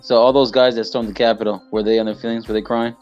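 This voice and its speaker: A man's voice: medium pitch, flat delivery, quick pace, a little mellow, dull audio, faint music behind. A man co-hosting a podcast, chatting casually and teasing the others with jokes. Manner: joking, teasing. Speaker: podcast co-host. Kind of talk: casual chat.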